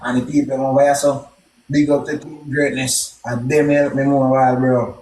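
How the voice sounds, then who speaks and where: A young man with a Jamaican accent telling a story casually, in a heavy patois with shouted exclamations. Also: mid-range voice, little pitch movement, normal speed, reverberant, a little hiss or hum. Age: young adult.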